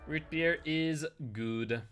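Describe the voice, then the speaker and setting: A young man talks through a live horror game stream, reading chat aloud and joking with viewers. His voice is bright and sits a little high. He keeps a loose, playful, teasing tone. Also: drawn-out words, clean tone, soft background music.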